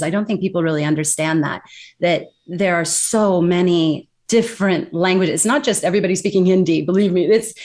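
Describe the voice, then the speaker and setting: An American woman explaining workplace communication in an emphatic, animated interview style. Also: lowish voice. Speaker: accent and communication expert guest. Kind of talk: interview answers.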